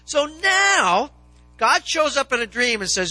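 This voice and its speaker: A man preaching a sermon to his congregation, animated and swinging into loud, dramatized questions. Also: extremely high pitch, moderate pace, no room sound, faint music behind, rough recording. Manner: animated, rising to near-shouts in dramatized questions. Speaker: pastor. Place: church sanctuary with congregation.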